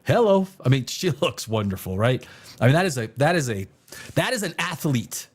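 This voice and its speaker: A man's voice: medium pitch, very animated, normal speed, slightly rough. A middle-aged man hosting a casual livestream, rambling and joking, often laughing at himself. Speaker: livestream host.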